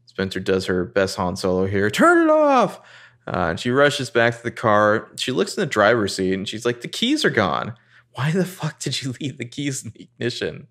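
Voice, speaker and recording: A man co-hosting a casual podcast, recapping a TV episode and quoting the characters in excited voices. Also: normal speed. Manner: animated, jumps into high voices quoting characters.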